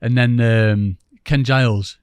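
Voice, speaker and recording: A man's voice: mid-range voice, steady tone, takes it slowly, a little mellow, clean tone, no echo. A man from England, a podcast guest and angler, telling stories in a chatty, rambling, self-mocking way. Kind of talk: casual storytelling interview.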